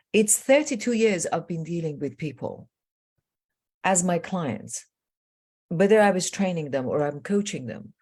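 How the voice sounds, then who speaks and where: A middle-aged woman coach speaks in a low register, telling earnest stories from her work as an interview guest. Her delivery is animated, full of quick asides and restarts. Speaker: transformational coach.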